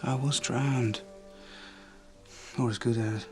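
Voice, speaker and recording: An actor playing an earnest young Victorian husband, speaking softly and evenly. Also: male voice, mid-range voice, slow, lightly acted. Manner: soft, even and earnest. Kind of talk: period TV drama acting. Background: clear music score.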